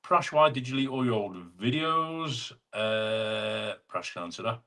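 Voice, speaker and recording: A man's voice: on the low side, lively intonation, fairly bright tone. A man hosting a casual live chat, reading out viewer comments and calling people mate. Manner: chatty, calls viewers mate, quick asides. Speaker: livestream host. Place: home room. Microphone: wireless clip-on mic.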